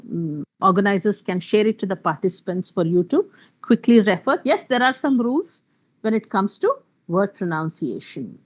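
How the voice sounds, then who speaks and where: A woman's voice: medium pitch, muffled recording. A woman giving an online workshop talk, explaining rules and listing example words. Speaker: workshop speaker on pronunciation.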